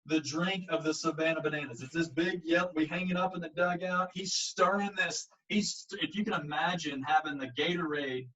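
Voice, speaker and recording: A man, a baseball coach, tells a story with a bright, forceful voice, acting out the quotes as he goes. His voice sits a bit high for a man. He's set back from the mic, and the audio sounds a little dull. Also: normal speed, hardly any pauses, distant mic. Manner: animated, acts out quotes, frequent fillers. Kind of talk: casual storytelling in an interview.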